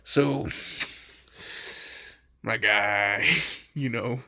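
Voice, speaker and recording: A man's voice: lowish voice, drawn-out words, creaky, pushed and bright, dry recording, studio quality. A young man casually retelling a fan story, rambling with lots of fillers and laughing at himself.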